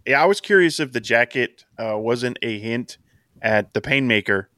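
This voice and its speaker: A man's voice: medium pitch, lively intonation, normal speed, a bit bright, dry recording. A man co-hosting a casual wrestling podcast, recapping in a chatty way and laughing as he acts out quotes. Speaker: podcast co-host.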